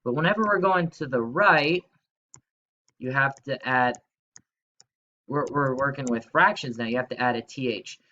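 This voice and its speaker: A man's voice: medium pitch, normal speed, long pauses, pushed and bright, dull audio. A male teacher giving a recorded math lesson, upbeat and coaxing, asking students to repeat after him.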